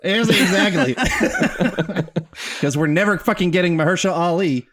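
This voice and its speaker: A man with a slightly raised pitch, chatting on a podcast. He tells stories animatedly, laughs often and swears casually. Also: lively intonation, moderate pace, background noise. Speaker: podcast co-host. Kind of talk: casual chat.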